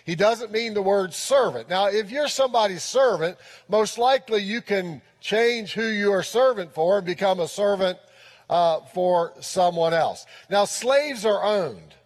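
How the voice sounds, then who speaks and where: A man's voice: sits high, a little slow. A pastor preaching a sermon in church, emphatic and often repeating his key phrases. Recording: long reverb in a church hall.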